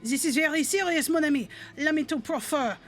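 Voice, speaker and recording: Portly fancy detective guy dropping mock french words, slow and grand, a high-voiced lady putting him on. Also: soft background music. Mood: courteous. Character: portly fussy male detective, polite and grand.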